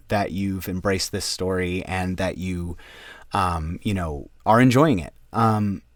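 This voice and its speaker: A man's voice: on the low side, a bit bright, dry recording. A man who narrates stories, chatting casually to his viewers in a rambling way, with lots of ums and casual swearing. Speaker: audiobook narrator. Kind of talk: casual outro chat to viewers.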